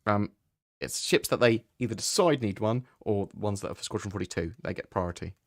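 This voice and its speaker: A man hosting a casual live-stream Q&A, answering viewer questions in a relaxed, conversational way and thinking aloud as he goes. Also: on the low side, a little fast, no room sound, clean studio sound.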